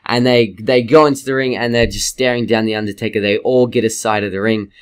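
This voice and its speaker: A man giving a casual, rambling video review, excitable and swearing freely. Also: fairly low pitch, fast, clean tone. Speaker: wrestling reviewer.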